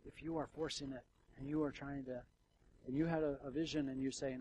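Man pastor preaching in church, goes quiet then big and loud, bit of noise behind. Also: medium pitch, steady tone, brisk, poor audio. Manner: preaching with wide swings from hushed to loud, ironic asides. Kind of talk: sermon. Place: church sanctuary.

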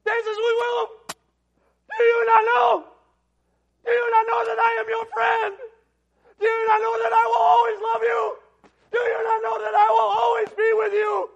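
Male warrior hollering a heartfelt farewell in a strained high voice. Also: monotone, moderate pace, gravelly, pauses often, highs cut off, slight background noise. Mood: anguished shouting. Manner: anguished shouting. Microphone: mic removed, away from the microphone.

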